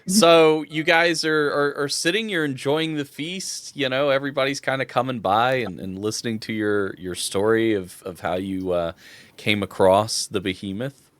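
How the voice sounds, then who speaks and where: A man runs a tabletop game as its narrator, loose and playful, often restarting his sentences. His voice sits at an ordinary pitch. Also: normal speed, no room sound. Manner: joking, playful, stammers and restarts. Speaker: game master.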